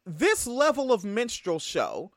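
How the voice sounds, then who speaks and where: A man's voice: high-pitched, wildly swooping pitch, slow, dry recording, studio quality. A man from Tacoma giving a profane, heated reaction commentary. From Tacoma, Washington. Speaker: video commentator.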